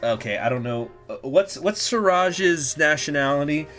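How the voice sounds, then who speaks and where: A male livestream host talking off the cuff as he plays a dating game. His pitch swings widely, and he curses freely, breaks off mid-sentence and circles back. Soft music plays faintly underneath. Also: animated, moderate pace. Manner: rambling, profane, self-interrupting. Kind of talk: casual livestream chat while reading a visual novel.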